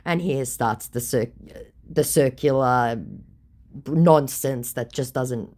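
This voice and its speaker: A woman's voice: rumbling low, takes it slowly, a little mellow. A woman reads out a chat with a scammer in sarcastic, mocking casual commentary. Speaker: vlogger exposing scammers.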